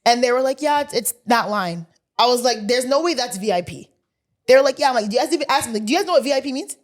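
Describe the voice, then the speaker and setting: A young woman co-hosting a podcast, telling a story in animated, slangy casual chat and acting out the dialogue. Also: a little high, fast. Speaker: podcast co-host.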